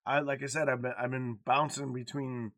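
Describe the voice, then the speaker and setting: A man's voice: medium pitch, little pitch movement, normal speed, fairly bright tone, no room sound, studio quality. A man in his forties co-hosting a podcast in casual chat, talking frankly and confessionally and swearing freely. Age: 40s. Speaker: podcast co-host.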